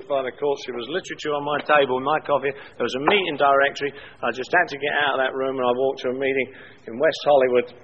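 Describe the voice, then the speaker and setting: At a recovery meeting in a large hall, a man with a medium-pitched, slightly bright voice gives his personal testimony. He tells blunt, colorful stories and acts out the dialogue, heard through a dull, lo-fi live recording with faint hiss.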